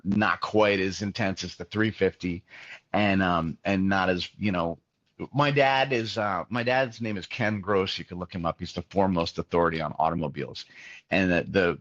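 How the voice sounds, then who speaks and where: A man's voice: deep voice, fairly bright tone, no echo. A man in his fifties being interviewed, telling casual stories with lots of fillers and restarts. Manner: rambling, many fillers and restarts. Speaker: musician, interview guest. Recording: dull, muffled sound, dry.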